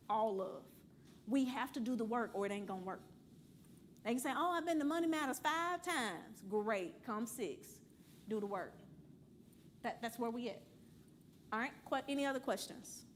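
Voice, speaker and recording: Woman w/ AAVE teaching a money class, kinda high voice, blunt n playful, quizzing the room, faint hum. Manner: blunt, playful, preachy, calls and asks the room. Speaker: financial class teacher at a church. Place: church classroom with a group.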